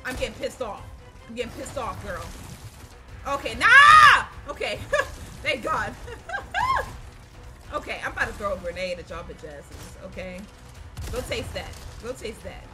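A woman giving casual, profane let's-play commentary, loud and excitable as she yells at the game. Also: mid-range voice, normal speed. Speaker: gaming channel host. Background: game music.

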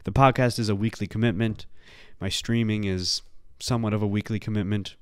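A man's voice: on the low side, steady tone, fairly quick, clear, resonant tone, no echo, studio quality. A male podcast host rambling casually on his own, self-deprecating and swearing now and then.

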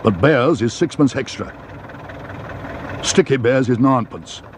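A man's voice: medium pitch, expressive, a little slow, a little hiss or hum, voice pushed up, lightly acted. A man voicing a blunt, grumbling middle-aged taxi driver in a storybook reading.

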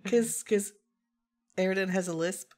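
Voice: medium pitch, a little slow. A podcast co-host in casual chat, teasing the others playfully and laughing often.

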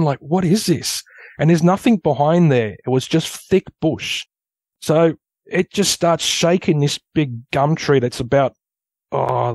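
An Australian man telling a story as a podcast guest, animated, acting out sounds and dialogue. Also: medium pitch, no echo, studio quality. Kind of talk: casual storytelling.

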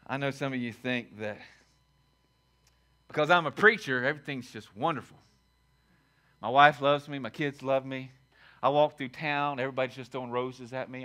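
A man preaching a sermon as pastor, emphatic and repetitive, swinging from shouted lines to quiet asides. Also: medium pitch. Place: church sanctuary.

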